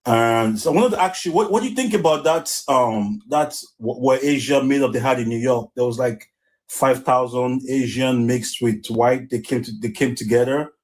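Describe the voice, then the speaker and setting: A man's voice: mid-range voice, moderate pace. Nigerian-accented guy calling in, earnest, keeps restarting his words, mid voice. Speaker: caller. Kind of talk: casual call-in chat.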